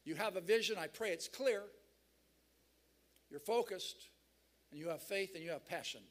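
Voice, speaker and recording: Male preacher, emphatic sermon, high voice, bright tone, church hall mic. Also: normal speed. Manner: emphatic, rousing the crowd.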